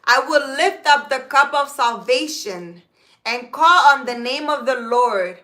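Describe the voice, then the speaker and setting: A woman, a spiritual healer, talking casually and reading scripture aloud slowly and emphatically, with occasional swearing and Spanish words. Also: high voice, sharp tone. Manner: slow deliberate reading.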